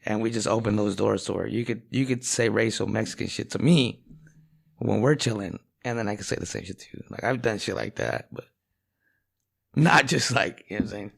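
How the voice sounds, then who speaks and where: A man's voice: lowish voice, fairly quick, creaky, husky. A man telling a long profane joke in casual chat, rambling and full of fillers. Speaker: rapper.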